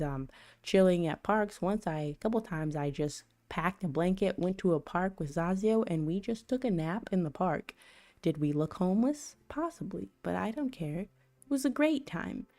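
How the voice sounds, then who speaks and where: A woman's voice: on the low side, expressive, normal speed, mellow. A woman hosting a stream and sharing a casual faith reflection. She rambles conversationally, full of "you know" and "like", and laughs at her own stories. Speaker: channel host.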